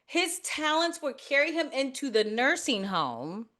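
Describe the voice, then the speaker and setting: Woman cohost, kinda high voice, frank and jokey, casual podcast banter. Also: very animated, a little slow, fairly bright tone. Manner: bold, joking, frank. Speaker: co-host.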